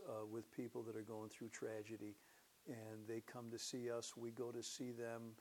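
An older man who is a pastor, speaking to his church in a relaxed, conversational way and warming into animated storytelling as he gives his testimony. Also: medium pitch, slight background noise. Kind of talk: church announcement and personal testimony.

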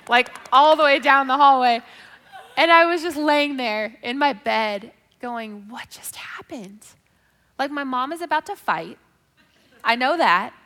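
Woman, bright and forceful tone, emotive testimony storyteller, long hall reverb. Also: a little high. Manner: emotive storytelling, drops to a hushed whisper then rises loud. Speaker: speaker giving a faith testimony. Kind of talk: personal testimony.

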